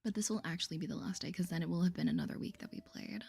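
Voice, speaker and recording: A woman host giving soft, chatty ASMR game commentary, mostly whispered and easily amazed. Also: lowish voice, racing, gravelly, breathy edge. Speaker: gaming channel host.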